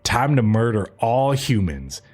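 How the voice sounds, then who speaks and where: A man's voice: medium pitch, very animated, a little slow, darkish tone, breathy edge. A man doing a gloating evil spirit. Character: evil possessing spirit, menacing male.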